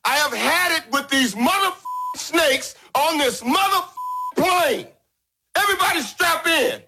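An actor playing a furious man who is fed up with snakes on a plane, shouting and swearing in exasperation in a film clip. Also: very high voice, expressive, unhurried, full character voice. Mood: enraged. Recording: film clip with faint noise.

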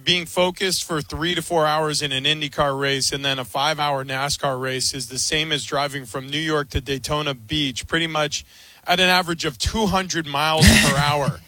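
A man on a sports talk panel, speaking in an earnest, measured way. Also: fairly high pitch, sharp tone, no room sound.

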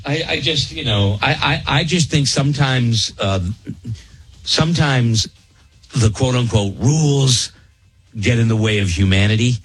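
A man hosting a morning radio show, ranting in animated, opinionated banter with his co-hosts. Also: mid-range voice, measured pace.

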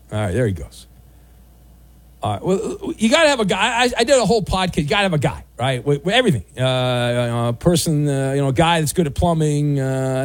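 Bantering sports radio host, dry studio mic. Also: male voice, a little high, no echo. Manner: wry and bantering, bursts into loud mock outrage. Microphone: studio microphone.

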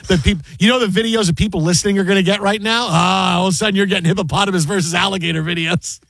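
A male sports talk host with a fairly high voice tells long, rambling stories in a casual, animated way. He sometimes drops into mock play-by-play. The sound is dry and close, with no room echo. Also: very fast, gravelly. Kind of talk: casual sports radio chat.

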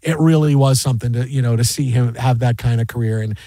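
A man hosting a sports radio show, telling a story in a rambling, animated way with many fillers and restarts, in a studio. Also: mid-range voice, fast talker, no room sound. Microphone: studio mic.

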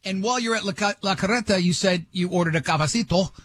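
A man's voice: high-pitched, fast, fairly bright tone, slight background noise. A male radio host in casual talk, rambling and teasing, often stumbling over his own sentences. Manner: rambling, self-interrupting, teasing.

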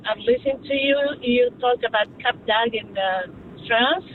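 A woman calls in to a radio phone-in chat, speaking English with a non-native accent. She sounds hesitant and full of filler sounds, with a higher voice and a moderate pace. The call comes over a tinny phone line with faint vehicle noise behind her.

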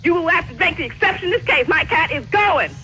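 A woman on a phone call, stubborn and insistent, repeating herself and raising her voice to shouting at times. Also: very high voice, animated, fast. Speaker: prank call target.

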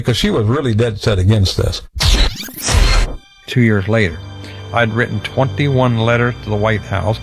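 A man's voice: mid-range voice, moderate pace, breathy edge, no echo, faint music behind. A man in his sixties telling his own story, acting out the voices of the people in it. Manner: animated, acts out voices in his anecdotes. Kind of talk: personal storytelling.

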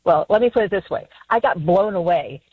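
A woman's voice: fairly low pitch, lively intonation, a little fast, slightly rough, no echo. A woman from Florida calling into a radio show, chatty and giggly as she tells a kitchen story. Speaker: caller. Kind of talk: call-in phone conversation. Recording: tinny phone line.

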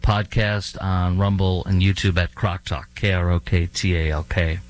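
A man's voice: deep voice, little pitch movement, normal speed, low-quality recording. Indignant man hosting a talk radio show. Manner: indignant, ranting, sarcastic. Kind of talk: political talk radio monologue. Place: studio.

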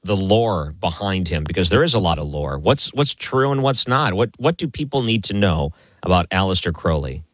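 Low-voiced late-night radio host. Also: male voice, moderate pace, hardly any pauses, no echo. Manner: friendly, chatty, animated questions. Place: home basement office.

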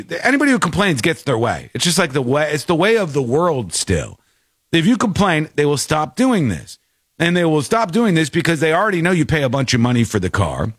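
A man's voice: a little high, no room sound, studio quality. A man hosting a casual tech chat show, joking and slipping into silly character voices. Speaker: show host.

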